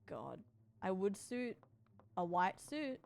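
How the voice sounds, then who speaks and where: A woman's voice: mid-range voice, big pitch swings, slow pace, vocal fry, faint music behind. A woman streaming, chatting casually with viewers in a bubbly, playful way. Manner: bubbly and playful, talks to chat. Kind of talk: casual sponsored livestream chat.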